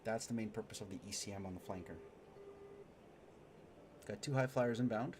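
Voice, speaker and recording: A man streaming a flight sim, explaining his systems and muttering excited remarks while he fights. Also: on the low side, normal speed, a little hiss or hum. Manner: excitable, mutters to himself mid-dogfight. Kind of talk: live gameplay commentary and tutorial.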